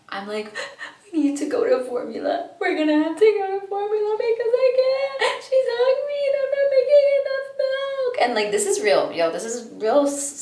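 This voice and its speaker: Low-voiced woman, distant roomy mic. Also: fairly bright tone. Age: late 20s. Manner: chatty and heartfelt, full of "like" fillers. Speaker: vlogger and mother. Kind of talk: candid casual storytelling.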